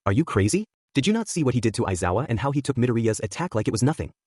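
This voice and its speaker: A man voicing a jittery, cowardly teenage boy in a storybook reading. His voice is lively and up and down, and sits in a dry, close sound. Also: medium pitch, very fast, no echo. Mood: excitable.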